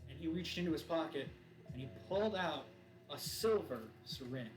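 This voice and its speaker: A male streamer narrates his improvised tale with dramatic, animated delivery and a lively rise and fall. His voice sits a touch higher than most men's. Loud music plays underneath. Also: moderate pace, roomy sound, rough recording. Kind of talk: improvised spoken storytelling. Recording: voice over loud background music.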